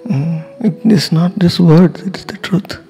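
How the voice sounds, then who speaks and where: A man giving a slow, emotional devotional talk, often dropping to a whisper and chanting. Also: sits high, creaky, dark tone, slightly rough, soft background music. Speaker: spiritual teacher.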